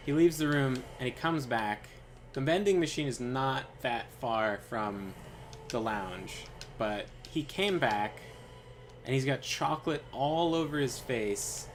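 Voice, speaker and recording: A man's voice: mid-range voice, slow pace, a little hiss or hum. A young man streaming a game, telling a rambling story in casual chat with lots of fillers. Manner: rambling, animated, lots of fillers and quoted voices. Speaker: gaming streamer. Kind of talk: casual storytelling while playing.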